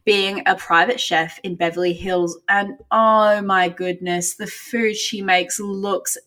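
A woman's voice: mid-range voice, fairly even intonation, slow, fairly bright tone. A woman co-hosting a podcast, chatting playfully and laughing often. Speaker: podcast co-host. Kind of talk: casual podcast chat.

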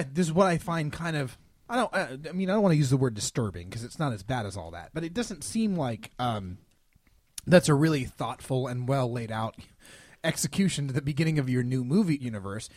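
A man's voice: mid-range voice, sing-song, brisk, no echo. A man co-hosting a casual podcast about movies, thinking aloud and often stopping to restart his sentences. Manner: thoughtful, rambling, stops and restarts. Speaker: podcast co-host.

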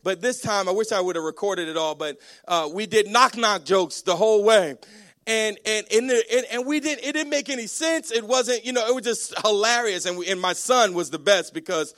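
A man preaching a sermon as a pastor, energetic and storytelling, with many restarts. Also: high-pitched, normal speed.

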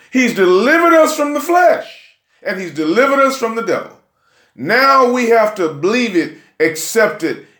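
A man preaching a sermon, emphatic and rousing, often asking "Huh?" and rising to shouts. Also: high-pitched, echoey room.

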